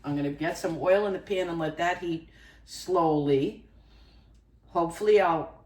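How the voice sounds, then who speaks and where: A woman's voice: on the low side, darkish tone, recorded from a distance. Chatty woman cooking in an echoey kitchen. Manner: chatty, rambling asides while cooking. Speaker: cooking channel host. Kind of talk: casual cooking vlog chat. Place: home kitchen. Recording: echoey kitchen, voice away from the mic.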